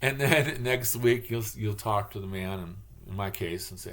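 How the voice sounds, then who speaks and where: A man's voice: lowish voice, moderate pace, fairly bright tone. A man from Michigan with a Michigan accent, rambling in a casual, digressive monologue and acting out the voices he quotes. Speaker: channel host.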